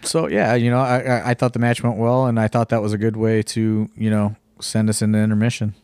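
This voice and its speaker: A man's voice: on the low side, level tone, a little fast, darkish tone, clear, resonant tone, dry recording. A man co-hosting a casual podcast, telling a rambling story full of fillers and the odd swear word. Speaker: wrestling promoter and podcast co-host.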